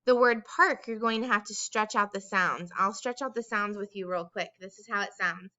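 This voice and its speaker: A woman teacher giving a recorded dictation lesson to young children, speaking in a slow, sing-song way and stretching out word sounds. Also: medium pitch, bright, forceful tone, highs cut off.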